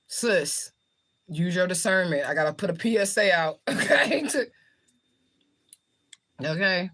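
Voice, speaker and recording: A woman's voice: fairly low pitch, animated, unhurried, long pauses, a bit bright. Profane, blunt woman livestreaming. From United States. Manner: blunt, heavily profane, jokey with frequent laughter. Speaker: livestream host, spiritual reader. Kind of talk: casual livestream chat answering comments.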